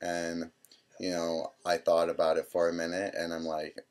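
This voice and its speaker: A man's voice: sits low, monotone, normal speed. A man in his twenties telling a personal story casually, rambling and quoting people. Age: 20s. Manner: rambling, full of "I'm like" quotes. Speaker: vlogger.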